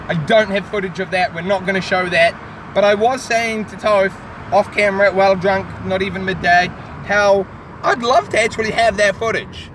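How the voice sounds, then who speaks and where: High-voiced tipsy man, loud street noise. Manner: animated, crude, joking. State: tipsy from drinking. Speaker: vlogger host. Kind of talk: rambling casual banter. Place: in a car in city traffic.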